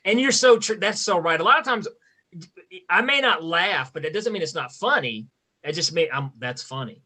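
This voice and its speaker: A male podcast host in casual conversation, his voice bright and a touch high. He talks hesitantly, circling back with fillers and restarts as he finds his words. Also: animated, normal speed.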